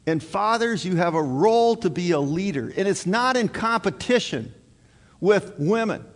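A man with a high voice and lively intonation preaches a sermon to his congregation at a moderate pace. He is earnest and emphatic and keeps repeating his key points. A long hall reverb colors the recording.

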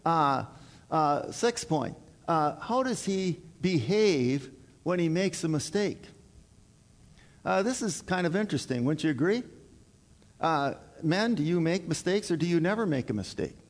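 A middle-aged man preaching in a folksy, halting way, stopping often on fillers and repeating his words. His voice sits a little high for a man. It rings with the long reverb of a hall. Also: lively intonation. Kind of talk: sermon.

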